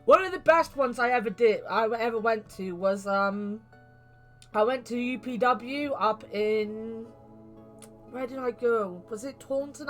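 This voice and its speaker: A woman chatting casually while streaming a game, telling rambling, animated stories over faint game music. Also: a little high.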